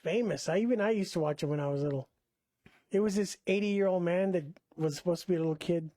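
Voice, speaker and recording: Man, high voice, dry close sound, crude teasing banter. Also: quick pace, mellow, dry recording. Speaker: podcast co-host. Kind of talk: casual banter.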